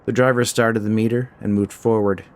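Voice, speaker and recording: A man narrating a short fiction story in a measured, scripted storytelling style. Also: lowish voice, little pitch movement.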